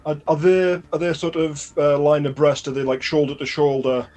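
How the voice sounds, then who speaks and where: A man's voice: on the high side, flat delivery, moderate pace, darkish tone. A man playing a tabletop game, stammering as he asks about the scene. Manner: stammering, asks many questions. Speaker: player.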